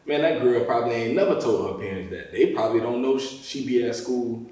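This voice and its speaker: A laid-back man, a podcast host, speaks at medium pitch and a fairly quick pace in casual conversation. He's relaxed and rambling, dropping "bro" and "you know" often. The mic sits far away in an echoey room, giving a roomy sound.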